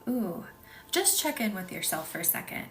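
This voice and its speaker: A woman with a Midwestern accent, hosting a live reiki session, chatting and reading out viewer comments, sometimes dropping into a soft whisper. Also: medium pitch, big pitch swings, a little fast, noisy background. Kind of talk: live-stream chat with viewers. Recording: distant mic with faint music behind.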